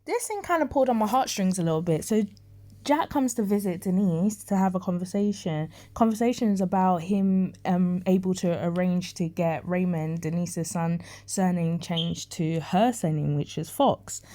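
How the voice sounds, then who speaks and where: A woman casually recapping and reviewing a soap episode, chatty and animated, acting out characters' lines with big reactions. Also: lowish voice, normal speed.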